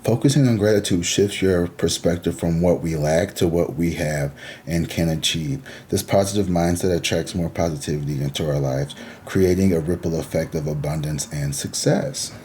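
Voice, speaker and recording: In a low, somewhat mellow voice, a man gives a relaxed tarot reading, chatty and reassuring, with an occasional swear word. A bit of background noise can be heard.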